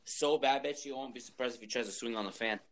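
A man hosts a podcast and chats about sports in a loose, casual way. He tells his stories animatedly and acts out both sides of each exchange. His voice sits at a middling pitch, and clear background hiss and clicks run under the recording. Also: quick pace, a bit bright. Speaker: podcast host.

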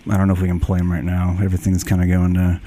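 A man's voice: low voice, completely flat delivery, racing, mellow, a little hiss or hum. A man hosting a live podcast, talking in loose, joking banter with a crude streak. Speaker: podcast host.

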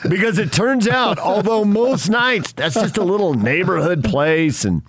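A man's voice: sits high, husky, no room sound. A man hosting a sports radio talk show, chatting casually and teasing his co-hosts. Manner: chatty, teasing, laughs often.

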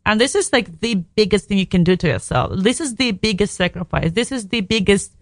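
A woman talks candidly on a radio show, frank and emotional, dropping the odd swear word and restarting her sentences as she goes. Her voice sits at a middle pitch for a woman. The studio sound is dry and close. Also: expressive, a little fast, no room sound. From Belarus. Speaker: radio guest. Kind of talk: candid personal storytelling.

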